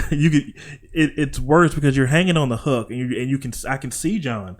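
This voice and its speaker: Animated man teasing his gaming friends. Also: medium pitch, normal speed. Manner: animated, teasing, laughs often, restarts. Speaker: podcast co-host. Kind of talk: casual gaming chat.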